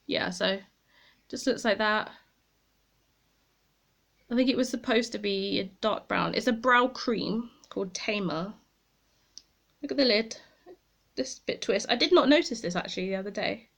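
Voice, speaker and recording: A woman with a medium-pitched, fairly bright, creaky voice talks unhurriedly to camera, leaving long pauses. She's a beauty vlogger doing a casual makeup review, rambling and remarking on herself as she tries out products.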